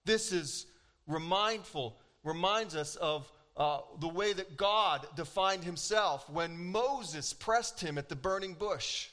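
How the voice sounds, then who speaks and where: In a fairly high-pitched voice, a male pastor preaches with energy and emphasis. He performs quoted lines aloud, punctuating them with dramatic pauses.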